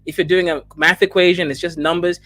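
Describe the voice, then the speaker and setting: A man provokes his opponent on a live panel, stammering into his points before pressing on. His voice is a touch high. The recording is dry and close. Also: flat delivery, fairly bright tone, no echo. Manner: needling, deliberately provocative, stammering starts. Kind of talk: provocative live-stream debate.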